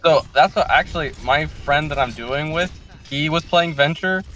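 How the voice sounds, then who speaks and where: A man's voice: a little high, normal speed, fairly bright tone, low-quality recording. A man being coached, talking casually and hesitantly, filling his speech with "like". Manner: hesitant, lots of "like". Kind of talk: casual chat.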